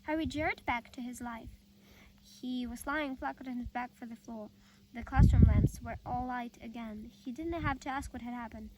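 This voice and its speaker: A woman's voice: fairly high pitch, moderate pace. A woman with a Ukrainian accent, reading a novel aloud in careful English with small slips and restarts. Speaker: reader. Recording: distant mic, loud outdoor background noise.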